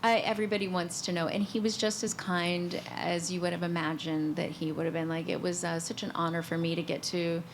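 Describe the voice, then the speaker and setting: A middle-aged woman talks in a chatty, enthusiastic way, often poking fun at herself. Her pitch sits in a middle range. A faint hum of room noise runs underneath her voice. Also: level tone, fairly quick, few pauses. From Georgia, US. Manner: chatty, enthusiastic, self-deprecating. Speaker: guest actor on a convention panel. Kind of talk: casual panel chat.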